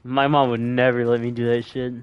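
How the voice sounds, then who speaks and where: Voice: medium pitch, little pitch movement, a little fast, clean tone, phone-quality sound. A person in casual chat who makes blunt remarks and laughs often.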